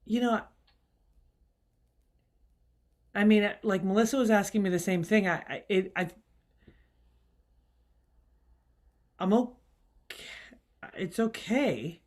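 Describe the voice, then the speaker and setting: A woman improvising an anxious young woman who questions her girlfriend, halting and full of fillers, on a live stage. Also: mid-range voice, darkish tone, lightly acted. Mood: hesitant. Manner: halting, repeats herself, many fillers. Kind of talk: live improvised romantic comedy scene. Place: theatre stage.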